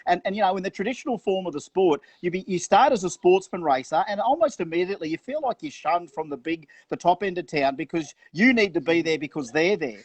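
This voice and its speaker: An excited Australian man talks racing at a live event. His voice sits on the higher side and sounds close and dry, and he trips over repeated words as the ideas pour out. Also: dry recording. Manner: fast, enthusiastic, repeats words when excited. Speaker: drag racing commentator.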